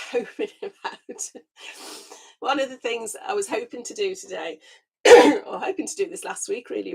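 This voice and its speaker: A woman hosting a casual live gardening chat through her webcam microphone, chatty and quick to laugh, her voice a little squeaky as it recovers. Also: fairly bright tone. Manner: chatty, laughs often, greets viewers by name. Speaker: gardening channel host.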